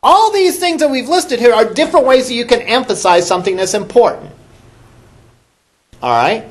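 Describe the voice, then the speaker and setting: A man's voice: very high-pitched, very animated, normal speed. A male college instructor giving a classroom lecture in a conversational way, asking the class questions and repeating the students' answers.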